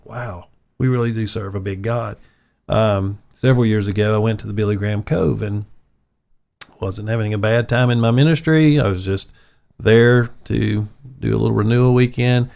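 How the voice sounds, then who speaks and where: A man's voice: lowish voice, moderate pace, creaky, a little mellow. A man, a pastor hosting a casual faith chat, telling stories in an earnest, reflective way. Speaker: pastor and podcast host.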